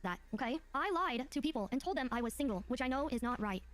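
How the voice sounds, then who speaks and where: A woman's voice: high-pitched, animated, a bit bright. A woman co-hosting a livestream, giving heated commentary in casual chat and reading messages aloud. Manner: fast, heated ranting, reads messages aloud. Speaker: streamer co-host.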